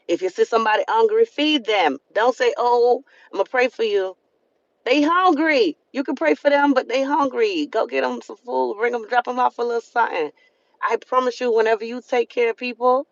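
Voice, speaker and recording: On a live stream, a Southern-accented American woman offers an earnest, preachy motivational speech, leaning on repeated phrases for emphasis. Her voice sits in the mid-range and carries no echo. Sound quality is dull and lo-fi.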